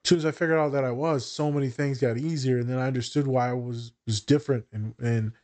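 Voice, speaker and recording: A man's voice: mid-range voice, fast talker. Brief: male social worker hosting a podcast, candid and swearing freely, mid-range voice. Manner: candid, profane, animated storytelling. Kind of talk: casual podcast discussion.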